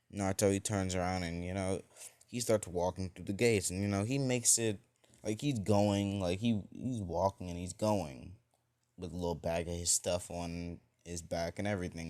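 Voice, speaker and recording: Deep-voiced man rambling through a story. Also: a little mellow. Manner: rambling, many fillers. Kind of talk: improvised fan-fiction narration.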